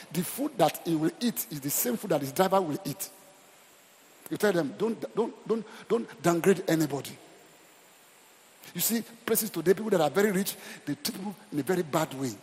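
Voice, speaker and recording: A middle-aged man with a Nigerian accent preaching a sermon, emphatic and animated, repeating phrases and asking the congregation questions. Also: sits high. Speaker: pastor. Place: church hall. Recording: long church reverb.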